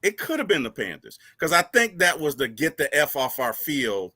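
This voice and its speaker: A man hosting a casual fan talk show, telling stories in an animated way. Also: fairly high pitch, moderate pace, a loud crowd. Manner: animated storytelling, rising to excited shouts. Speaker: podcast host.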